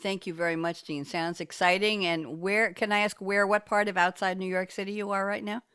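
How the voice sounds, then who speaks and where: A woman's voice: mid-range voice, steady tone, fairly quick, fairly bright tone, smooth, dry recording, studio quality. A woman hosting an interview show, chatty and playful, laughing now and then as she introduces her guests. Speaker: podcast host.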